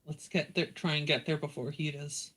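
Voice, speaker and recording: Male player, higher bright voice, relaxed table chat with quips. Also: normal speed. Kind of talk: casual tabletop play.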